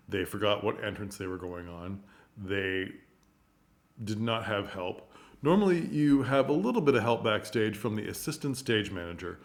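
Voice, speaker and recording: A man presenting a casual explanatory talk to camera, giving advice to theatres. He is plain-spoken, thinks aloud as he goes, and jumps up in pitch for emphasis.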